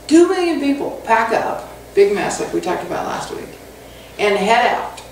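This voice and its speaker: A woman pastor gives a lively, joking, conversational sermon in a slightly high voice. She is heard from a distance in a church sanctuary with a heavy echo and a faint hum behind her. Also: normal speed. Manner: animated, humorous, conversational storytelling. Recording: echoey hall from far off.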